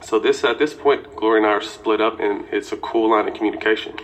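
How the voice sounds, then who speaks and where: A man's voice: on the low side, fast, slight background noise, rough recording. A man in his forties telling a personal story casually and candidly, with swearing and lots of "you know".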